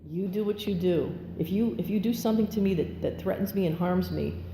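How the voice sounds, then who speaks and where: A woman's voice: medium pitch, a little fast, a little hiss or hum. Candid woman speaking in an echoey hall. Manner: candid, animated, acts out quotes with laughter. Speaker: speaker at a recovery meeting. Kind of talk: personal testimony. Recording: echoey hall with long reverb, faint ambience.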